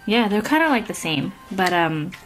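A woman's voice: mid-range voice, very animated, moderate pace, poor audio. A woman hosting a casual eating vlog, chatty and full of fillers as she talks between bites. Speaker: mukbang vlogger. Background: music.

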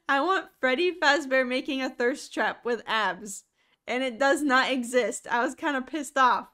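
A woman's voice: high voice, a little slow, bright, forceful tone. A woman streaming live, chatting casually and rambling, laughing often between thoughts.

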